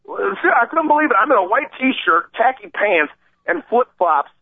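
A man calling in to a radio show and telling an animated, rambling story, acting out the voices of the people in it. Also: very high voice, normal speed, creaky, dry recording. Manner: excited, acts out quoted voices, rambling. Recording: tinny phone line, dry.

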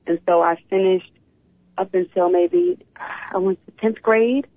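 A woman in her thirties, from Philadelphia, tells her story as an interview guest in an animated, open way. She comes through a tinny, dry phone line with no room sound. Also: medium pitch, unhurried, vocal fry, no echo. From Philadelphia, USA. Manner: animated storytelling, often starts with "you know what". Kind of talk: casual interview.

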